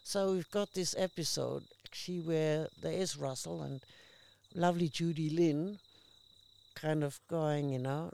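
A woman, a guest actress, telling lively anecdotes in casual conversation and acting out the people she quotes. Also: low-pitched, a little slow, creaky. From Australia. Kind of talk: casual chat.

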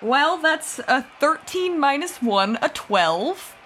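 A woman's voice: high-pitched, big pitch swings, slow, sharp tone, a little hiss or hum. A woman playing a tabletop game, hesitant and full of fillers, swearing and laughing. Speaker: player.

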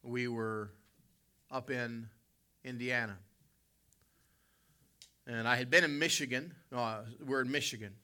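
A man's voice: medium pitch, steady tone, measured pace, long pauses, bright, forceful tone. An American man from West Virginia, middle-aged, preaching a sermon and telling a personal story to his congregation, often correcting himself as he goes. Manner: storytelling, self-correcting, addresses congregation directly.

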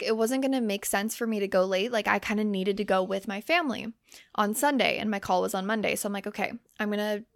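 Young woman podcast host, chatty and rambling, some vocal fry, dry sound. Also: mid-range voice, fairly bright tone, no echo. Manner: rambling, lots of "like", swearing. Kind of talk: casual chat. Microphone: microphone close to the face.

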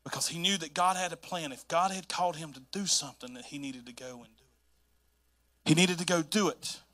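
A Southern-accented man preaches as a pastor, telling his story with animated energy and repeating key phrases. His voice sits high and sounds bright. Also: normal speed. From North Carolina, US. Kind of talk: sermon.

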